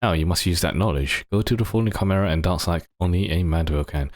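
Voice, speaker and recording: A man reading aloud the flowery, formal lines of a pompous gentleman adventurer in a game. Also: low-pitched, fast, background noise, lightly acted. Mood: grandiose.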